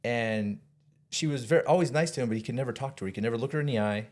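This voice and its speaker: Man telling an animated, profane story. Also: mid-range voice, racing. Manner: animated, swears, laughs, restarts often. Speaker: podcast guest. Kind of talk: casual storytelling.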